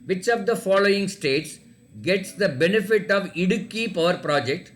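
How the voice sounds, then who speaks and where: High-voiced teacher running a quiz. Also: male voice, animated. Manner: spells words letter by letter, repeats questions slowly. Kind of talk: online class quiz, reading questions aloud.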